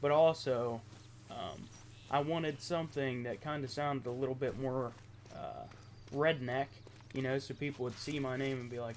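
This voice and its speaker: A young man from southeastern Ohio with an Appalachian accent, chatting casually over gameplay, halting and full of ums. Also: medium pitch, fairly even intonation, darkish tone, a little hiss or hum. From southeastern Ohio, USA. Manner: rambling, halting, lots of ums and self-corrections. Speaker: gaming YouTuber.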